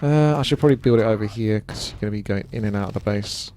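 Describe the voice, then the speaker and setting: A man's voice: on the low side, fast, a little mellow. A man giving casual, chatty gameplay commentary while he plays, joking at himself and reading viewer comments aloud.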